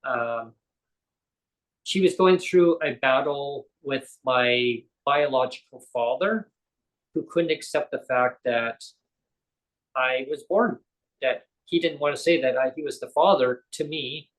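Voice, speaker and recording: A man's voice: mid-range voice, takes it slowly, poor audio. A man, a guest on a live interview show, tells a personal story in a rambling way, often correcting himself and acting out quoted dialogue.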